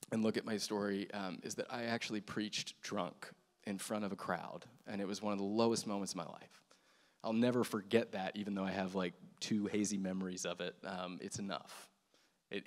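Guy telling his recovery story on stage, kinda low voice, big hall echo, earnest and reflective. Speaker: church speaker sharing testimony. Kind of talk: personal testimony talk. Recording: long hall reverb.

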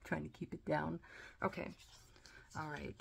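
A woman's voice: deep voice, little pitch movement, unhurried, creaky, husky. A woman chatting casually through a sticker haul unboxing, gushing and talkative, with frequent "like" and "oh". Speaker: planner and sticker vlogger.

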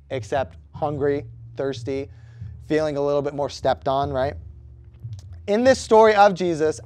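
High-voiced young pastor, dry sound. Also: male voice, dry recording. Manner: conversational, asks the room questions. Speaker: youth pastor. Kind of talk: youth sermon.

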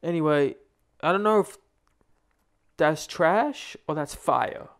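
A young Australian man co-hosting a casual music reaction. He talks bluntly with dry, sarcastic asides. His voice sits a touch high for a man. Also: slow, creaky, fairly bright tone, clear, resonant tone. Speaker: music review co-host.

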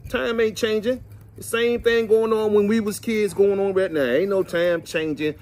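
A middle-aged man, chatting and telling folksy, animated stories to the camera outdoors while cleaning fish. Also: high-pitched, normal speed, a little hiss or hum. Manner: folksy, animated, preachy asides. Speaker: vlog host. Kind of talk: casual storytelling chat.

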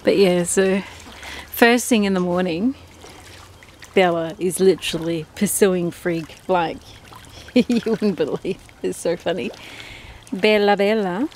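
A woman's voice: on the low side, darkish tone. A woman filming her ducks in a backyard, chatting casually and affectionately as she narrates. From Australia. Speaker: duck keeper filming her flock. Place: outdoors in a backyard. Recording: faint outdoor background noise.

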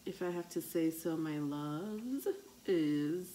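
A woman giving a tarot reading to her viewers, unhurried and hesitant, with frequent ums, calling listeners "my love". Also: low voice, warm tone, slight background noise, rough recording. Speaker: tarot reader.

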